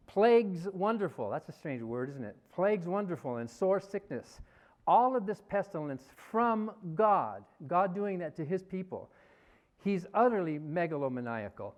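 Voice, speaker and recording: A man giving a forceful debate speech, reciting and emphasizing a string of quoted passages. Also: high-pitched, big pitch swings, moderate pace. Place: university hall.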